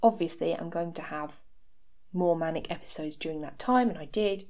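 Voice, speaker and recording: A woman's voice: low voice, moderate pace, a little mellow. Thirties woman podcasting from home, candid, self-mocking, sarcastic little jokes. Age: 30s. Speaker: podcast host. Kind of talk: candid personal podcast talk. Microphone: home podcast mic.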